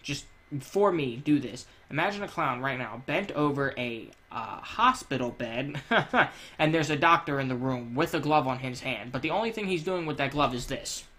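A man's voice: mid-range voice, animated, normal speed, bright, forceful tone. A man giving crude, profane let's play commentary while he plays, ranting and joking. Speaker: gamer.

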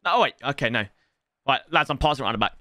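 A young man commentating live on his football video game, excitable and jokey, often shouting at the play. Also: medium pitch, rapid-fire, dry recording. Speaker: gaming streamer.

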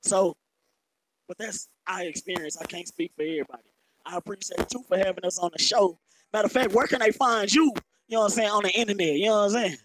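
Man, hip-hop artist, hoarse, boastful, high voice. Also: fast, noisy background. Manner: excited, boastful. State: hoarse from performing. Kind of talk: casual interview talk. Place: music festival venue.

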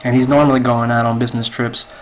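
A man's voice: medium pitch, flat delivery, fast talker, slight background noise, poor audio. A man telling a long joke casually, rambling and restarting his sentences as a game player.

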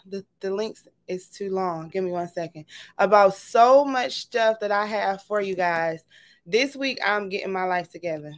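A woman hosting a casual livestream, bubbly and greeting her viewers one by one. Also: mid-range voice. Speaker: livestream host.

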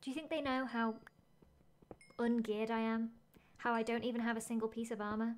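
A woman's voice: fairly high pitch, flat delivery, fairly quick. A woman game streamer chatting casually as she plays, thinking aloud, gasping at finds and reading chat messages.

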